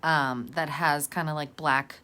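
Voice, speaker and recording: A woman's voice: sits low, fairly even intonation, measured pace, pushed and bright. A woman vlogger narrating a casual crafting tutorial in a rambling, chatty, self-deprecating way.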